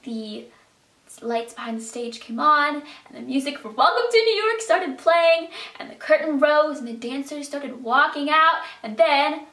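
A teenage girl telling a storytime vlog in an excitable, chatty way with lots of fillers. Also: high voice, unhurried. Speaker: vlogger. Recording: echoey room.

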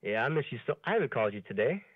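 A man's voice: medium pitch, very animated, racing, slightly rough, dry recording. A man calling in to a live show, chatting eagerly and flirting with the host. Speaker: caller. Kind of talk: casual flirty phone chat. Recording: tinny phone line.

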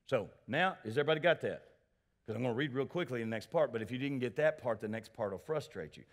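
In a church sanctuary, a male pastor delivers an animated sermon, calling out for responses and naming people directly. His voice is medium in pitch and his pace is fast.

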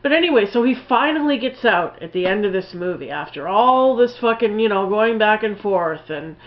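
A woman's voice: mid-range voice, lively intonation, normal speed. Woman, casual film review, blunt and profane, rambling with fillers, slightly dull lo-fi sound.

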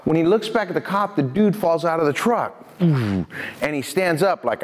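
A man giving a lively prevention talk to a youth audience, telling stories and speaking to the crowd directly. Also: fairly high pitch, moderate pace. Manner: energetic, addresses audience directly. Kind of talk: lively presentation with storytelling. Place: church hall. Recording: echoey hall.

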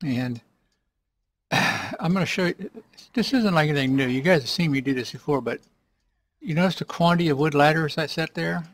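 A man giving casual, rambling commentary while playing a survival game, often clearing his throat. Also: on the high side, normal speed, pauses often, a bit bright. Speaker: let's play gamer.

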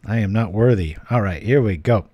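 A man's voice: lowish voice, brisk, slightly rough, no room sound, highs cut off. A man giving casual gameplay commentary while reading his stream chat, chatty and joking. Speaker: streamer playing a card game.

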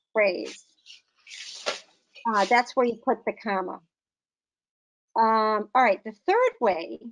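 A woman's voice: a little high, muffled recording. A woman tutoring adult learners on comma use, patient and encouraging, explaining step by step. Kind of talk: online grammar lesson.

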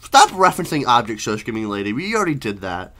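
A woman voicing a calm, callous cook who speaks in a low, flat, unbothered way. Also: fast talker, full character voice. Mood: deadpan. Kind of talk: voicing characters while playing a game.

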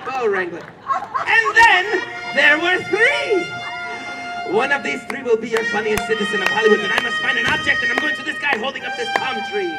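A man playing a showy, teasing old-Hollywood game show host who shouts to a street crowd. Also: very high-pitched, expressive, fairly quick, over loud music. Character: showy male 1920s Hollywood emcee, teasing. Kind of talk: live street comedy show. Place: outdoor theme park street. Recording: distant, loud crowd and noise.

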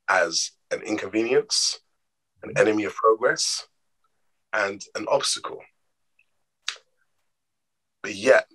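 A man with a lowish, husky voice who recounts anecdotes with energy, slipping into the voices of the people in them. His delivery is expressive and conversational, fitting an interview. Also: low-quality recording. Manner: expressive, acts out quoted dialogue. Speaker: actor guest. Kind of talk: animated storytelling in an interview.

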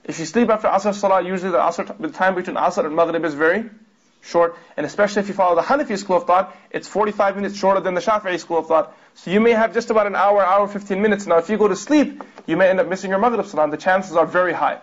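A man's voice: sits high, fast talker. A man teaching a religious class, explaining a read text and putting rhetorical questions to his listeners. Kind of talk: lecture commenting on a read text. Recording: dull lo-fi recording.

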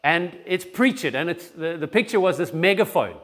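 A man's voice: on the high side, animated, normal speed, a bit bright. A man preaching a sermon in church and giving announcements, talking conversationally with frequent restarts. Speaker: pastor.

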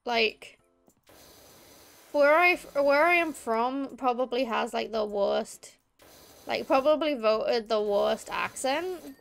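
A woman's voice: a little high, slow, gravelly, a bit bright, faint music behind. A young British woman streaming a game, rambling through school stories in a chatty way, full of "like" fillers. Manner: rambling storytelling with many "like" fillers. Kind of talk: casual chat while gaming.

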